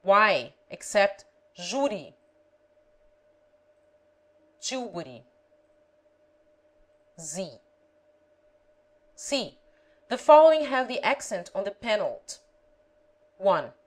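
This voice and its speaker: A woman reading a grammar lesson aloud, pronouncing example words carefully and deliberately. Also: mid-range voice, sing-song, low-quality recording. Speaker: language teacher.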